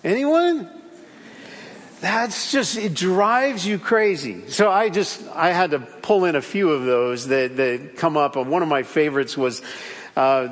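A man preaching a sermon as pastor, animated, repeating key phrases and acting out little stories. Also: on the high side, big-room sound.

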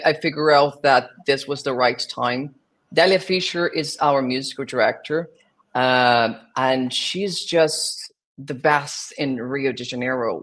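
A man's voice: medium pitch, a bit bright. Brazilian-accented young man, guest in an interview, hesitant phrasing, Portuguese native speaker. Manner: searching for words, many restarts. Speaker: guest singer and actor. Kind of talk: interview answers.

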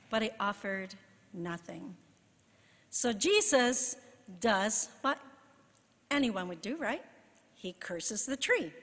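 A woman preaching a sermon in an expressive way, rising for emphasis and dropping to soft asides. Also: high voice, long reverb tail.

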